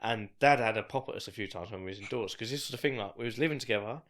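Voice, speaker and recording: A man's voice: lowish voice, very fast, a bit bright, slight background noise. A man co-hosting a podcast, telling rambling, swearing stories over drinks in a pub. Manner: rambling, swears freely, laughs often. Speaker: podcast co-host. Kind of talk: casual pub chat.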